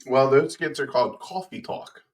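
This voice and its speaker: Joking man with a deadpan wit. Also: mid-range voice, moderate pace. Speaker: podcast co-host. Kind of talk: casual podcast chat.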